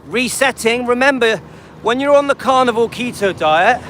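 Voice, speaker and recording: A man's voice: very high-pitched, animated, moderate pace, fairly bright tone, a little hiss or hum. A man hosting a live stream, casually answering viewers by name and often checking in with "yeah?" and "okay?". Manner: frequent restarts and repetition. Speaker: livestream host.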